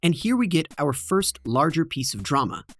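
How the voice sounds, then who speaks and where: A man's voice: on the high side, sing-song, normal speed, fairly bright tone. A man hosting a scripted video essay, narrating with wry, joking asides. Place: home basement in front of green screen.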